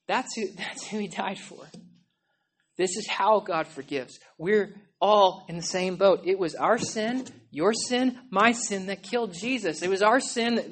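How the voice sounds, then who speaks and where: Impassioned woman preacher yelling a sermon. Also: medium pitch, slow pace. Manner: conversational, with frequent "like" and "okay?". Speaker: pastor. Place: church.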